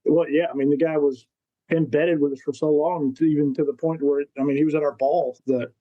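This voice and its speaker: A man's voice: a little high, fairly quick, dry recording, muffled recording. A man, a Marine veteran guest on a podcast, telling war stories in casual chat and acting out what people said. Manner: animated storyteller who acts out quotes. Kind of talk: casual storytelling.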